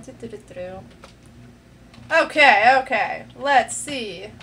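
High-voiced woman swearing at a game. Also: sharp tone, a little hiss or hum. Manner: frustrated, swearing, talking to herself. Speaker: gaming let's play host. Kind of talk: let's play commentary.

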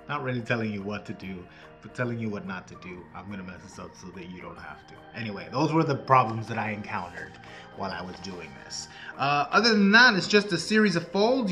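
With a pushed, bright, medium-pitched voice, a man explains folding steps on his craft channel, rambling casually and poking fun at himself as he teaches.

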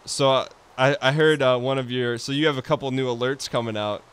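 A man hosting a let's play, chatting casually in a relaxed, rambling way and laughing easily. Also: medium pitch, brisk, clear, resonant tone. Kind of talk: casual gaming chat.

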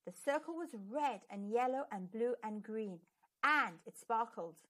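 A woman reads a children's book aloud, expressive and sing-song. Her voice is high and swoops widely. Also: measured pace. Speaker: channel host and storyteller.

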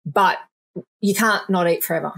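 A woman naturopath in a casual podcast interview, chatty and animated, laughing often and acting out quoted voices. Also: lowish voice, moderate pace, gravelly. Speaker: naturopath guest.

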